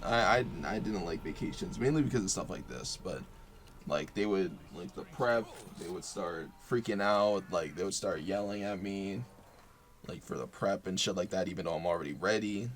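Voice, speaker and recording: Young man, low register, casual and halting, swears freely; faint background noise. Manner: halting, full of fillers and swearing. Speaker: vlogger. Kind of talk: unscripted personal talk.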